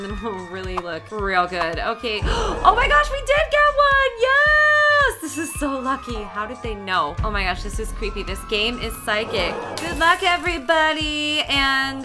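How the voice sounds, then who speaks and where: A woman gaming as a silly character, excitable, stammering over herself and squealing up high. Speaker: gaming video host. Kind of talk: playful game commentary in character.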